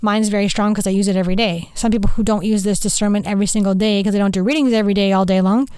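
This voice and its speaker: A middle-aged podcast host and spirit mentor rambles through a casual monologue, sprinkling in "like" and "right?" constantly. Her medium-pitched voice is steady, rapid-fire, smooth, and slightly dark, with no echo.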